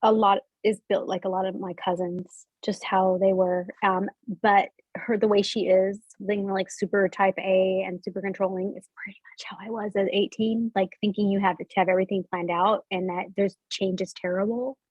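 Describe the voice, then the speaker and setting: Bubbly laughing woman author, husky voice. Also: medium pitch, little pitch movement, moderate pace, a little mellow, no echo, dull audio. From United States. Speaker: author guest. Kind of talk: casual interview chat.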